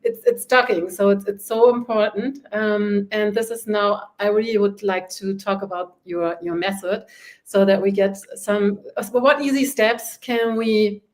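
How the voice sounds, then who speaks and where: Halting woman podcast host. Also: mid-range voice, steady tone. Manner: halting, searches for words. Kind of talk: interview conversation.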